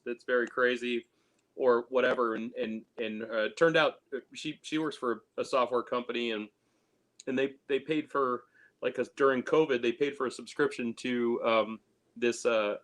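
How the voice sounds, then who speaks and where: A man hosting a casual chat over a video call, talking in halting stops and repeated words. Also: medium pitch, fairly even intonation, a bit bright.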